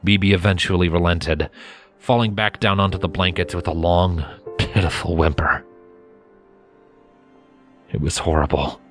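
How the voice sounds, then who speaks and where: A man reading a fanfiction story aloud in steady, measured narration. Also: low voice, soft background music. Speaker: fanfiction reader.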